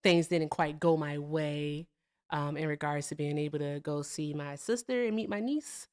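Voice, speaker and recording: A woman in her thirties hosting a live call-in stream, chatting casually and bluntly, swearing freely and giving viewers shout-outs. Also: deep voice, moderate pace, clear, resonant tone.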